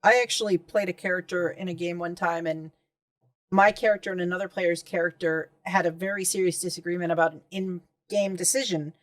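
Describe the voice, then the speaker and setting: A woman in casual chat telling an anecdote about a tabletop game she played, in an animated way. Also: fairly low pitch, brisk, no room sound.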